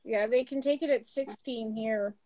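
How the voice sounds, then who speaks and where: Woman, mid forties, slightly high voice, casual chat, quick anecdotes. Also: fairly even intonation, dark tone, poor audio. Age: 40s. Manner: quick affirmations, laughing anecdotes.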